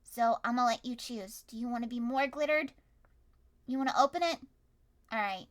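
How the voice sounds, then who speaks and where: A young woman streamer improvising a story with her chat in a playful, animated way, at times loud and at times hushed. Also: on the high side, normal speed. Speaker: streamer running an interactive story.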